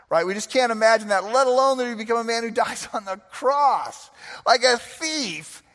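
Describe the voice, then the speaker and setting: Male pastor, fairly high voice, earnest storytelling sermon, long reverb. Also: normal speed, pushed and bright. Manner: earnest, storytelling preacher with many restarts.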